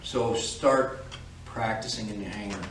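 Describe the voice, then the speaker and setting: A man's voice: on the low side, unhurried, fairly bright tone, slight background noise. Flight instructor guy lecturing students, firm and direct, echoey room, mic kinda far off. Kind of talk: classroom talk with students. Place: classroom.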